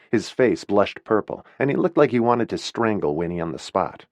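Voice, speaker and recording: A man narrates a novel with expressive, story-driven reading. His voice sits low and moves a lot in pitch, and the recording is dry and close, with no room sound. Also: normal speed, few pauses, dry recording. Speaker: audiobook narrator.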